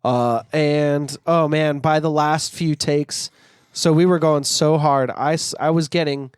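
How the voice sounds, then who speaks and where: A man's voice: on the high side, steady tone, measured pace, smooth, no echo, studio quality. A man co-hosting a band podcast in casual chat, laid-back and swearing casually, getting over a cough. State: recovering from a cough. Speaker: podcast co-host, band guitarist.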